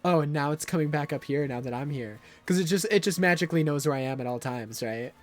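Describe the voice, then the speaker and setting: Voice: mid-range voice, fast. A streamer giving casual live commentary on a game, swearing freely, joking with chat and ranting at the game's mechanics.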